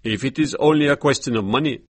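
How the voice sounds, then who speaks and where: A man's voice: medium pitch, fast talker, natural voice. A man voicing a timid, trusting old holy man in a storybook reading. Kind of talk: audiobook character voice.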